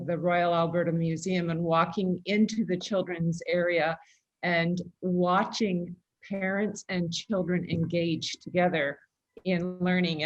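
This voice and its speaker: A woman moderating a panel, talking in a reflective, hesitant way over a video call. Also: lowish voice. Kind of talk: casual panel talk. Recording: muffled video call audio.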